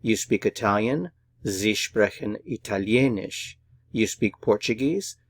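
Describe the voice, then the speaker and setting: A man gives a beginner language lesson at a very unhurried pace, repeating each word slowly and patiently. His voice sits a little low, and the recording is dry and close with no room sound. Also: lively intonation, no room sound. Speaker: language teacher. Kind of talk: slow, syllable-by-syllable pronunciation lesson.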